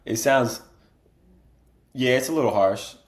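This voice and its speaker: A man's voice: mid-range voice, a little slow, echoey room. A man co-hosting a podcast in casual chat, laid-back and rambling, laughing often. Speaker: podcast co-host.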